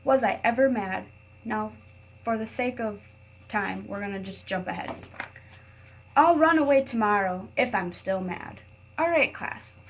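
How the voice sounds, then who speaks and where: A woman teacher reading a picture book aloud to her class, patient and clear, pausing to guide students. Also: mid-range voice, slight background noise.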